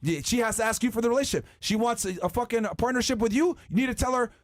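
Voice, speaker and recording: A man hosting a podcast, ranting loudly and emphatically, heavy on profanity and often shouting. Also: very high voice, quick pace. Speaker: podcast host. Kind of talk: heated podcast rant.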